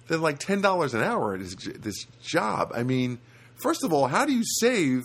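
A man's voice: fairly high pitch, sing-song, a little slow. A man from New Jersey hosting a solo podcast from a studio apartment, rambling casually with many fillers and restarts. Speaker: podcast host.

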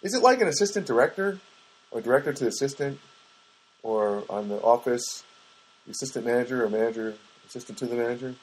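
Husky guy rambling to the camera, lots of uh and um, wry little asides. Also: medium pitch, expressive, fast talker, poor audio. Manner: hesitant, many fillers and restarts, wry asides. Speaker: vlogger. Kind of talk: rambling casual monologue.

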